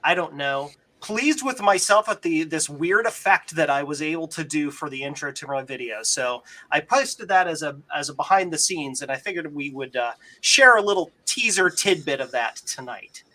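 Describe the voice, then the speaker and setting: Man, high pitch, bright forceful tone, casual chat co-host, enthusiastic. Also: lively intonation, moderate pace, hardly any pauses. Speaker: podcast co-host.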